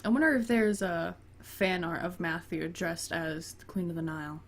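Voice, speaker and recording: A woman's voice: fairly low pitch, normal speed. A woman gamer reading a dating game aloud and breaking off into chatty, giggly asides, including talking to her cat. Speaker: let's play gamer.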